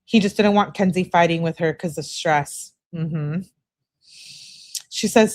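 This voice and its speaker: A woman with a somewhat low-pitched voice hosts a true crime channel. She reads text messages aloud one by one and breaks off to chat casually with her viewers about them. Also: a little slow, darkish tone. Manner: chatty, talks straight to her viewers. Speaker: true crime commentary host.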